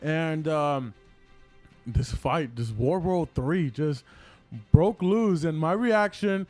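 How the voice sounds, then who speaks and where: A young man on a casual podcast recounts events in an animated rush, leaning on "like" as he goes. His voice sits a little high for a man, with faint music under the talk. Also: slow pace. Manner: animated retelling, heavy use of "like". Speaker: podcast co-host. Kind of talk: casual chat.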